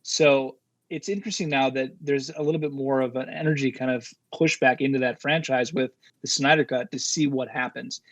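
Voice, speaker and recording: A man's voice: mid-range voice, brisk, no echo. A man talking casually as a podcast guest, getting fired up and swearing as he talks. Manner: fired-up, swears when excited.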